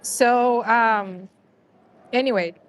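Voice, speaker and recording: A woman's voice: on the high side, very slow. A woman hosting a casual livestream, chatting to viewers and a dog and laughing often. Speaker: livestream host.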